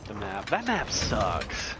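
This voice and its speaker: Groggy, husky man gaming in voice chat. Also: on the low side, huge pitch swings, takes it slowly. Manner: loose, profane, rambling, with filler words. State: groggy and husky, just woke up. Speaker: gamer in voice chat. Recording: loud background noise.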